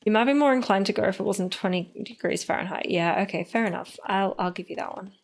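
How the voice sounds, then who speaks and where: A woman's voice: mid-range voice, fast talker. A woman casting a strategy game live on stream, playful and teasing, with frequent giggles.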